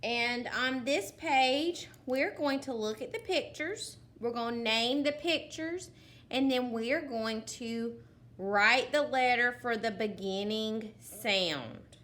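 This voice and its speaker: A woman teaching a phonics lesson to young children, sounding out letters slowly and deliberately and praising often. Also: on the high side, fairly bright tone.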